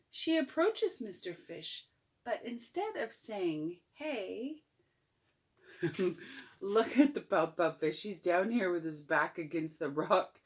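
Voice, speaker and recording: Playful grandmother reading aloud. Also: medium pitch. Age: older. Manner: playful, chuckling asides to the listener. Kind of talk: picture-book read-aloud.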